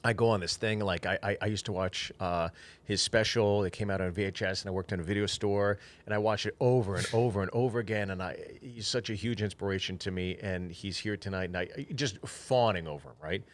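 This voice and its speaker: A man co-hosting a podcast in relaxed, casual chat, swearing now and then. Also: on the low side, fairly quick. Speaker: podcast co-host.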